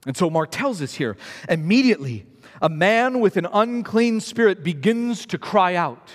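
A man's voice: high voice, lively intonation, normal speed. A man preaching a sermon in an emphatic way, repeating phrases for stress. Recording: long reverb of a hall.

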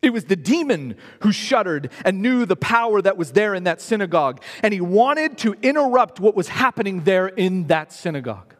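A man's voice: sits high, big pitch swings, normal speed, hardly any pauses. A man preaching a sermon in an emphatic way, repeating phrases for stress. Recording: long reverb of a hall.

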